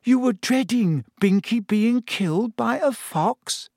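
Reader doing an earnest bookish schoolgirl, higher than the reader's own voice, hesitant, careful, dry audiobook sound. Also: lively intonation, slow pace, darkish tone, no echo. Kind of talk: audiobook character voice.

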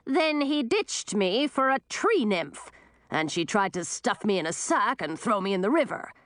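A woman's voice: medium pitch, sing-song, unhurried, fairly bright tone, dry recording, clean studio sound. A woman voicing an indignant, bickering old witch in a storybook reading.

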